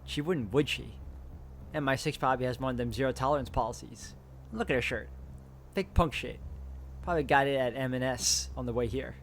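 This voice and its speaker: A man voicing a rough, suspicious gunman, swearing and sneering. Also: mid-range voice, a little fast, a bit bright, a little hiss or hum, lightly acted. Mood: scornful. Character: unnamed thug with thick local accent, gruff.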